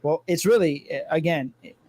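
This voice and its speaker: A man's voice: a little high, normal speed, a little mellow, no echo. A man co-hosting a podcast in casual chat, making his case emphatically and swearing freely. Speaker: podcast co-host.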